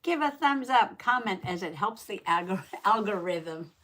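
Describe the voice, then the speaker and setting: A woman hosting a casual craft livestream, chatty and quick to laugh, reading out chat comments and repeating herself, with allergies that make her clear her throat. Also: mid-range voice, expressive, a bit bright. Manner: says howdy and reads chat comments aloud.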